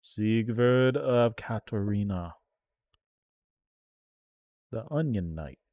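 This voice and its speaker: A lower-pitched man talks through his card game at an unhurried pace, recorded dry and close. He reacts out loud to every play, yelping and groaning as he addresses his chat. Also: lively intonation, no echo, dull audio. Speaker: streamer playing an online card game. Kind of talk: live gameplay commentary.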